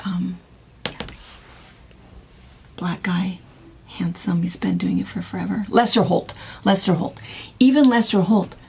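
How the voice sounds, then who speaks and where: A middle-aged woman co-hosting a casual chat, telling stories in a rambling, animated way. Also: fairly low pitch, measured pace, gravelly, long pauses, slight background noise. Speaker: co-host.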